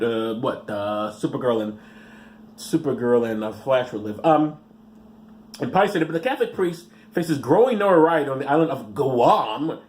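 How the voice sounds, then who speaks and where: A podcast host with a darkish, fairly high-pitched male voice reads news stories aloud. He then veers into sarcastic, rambling commentary, stumbling over his words.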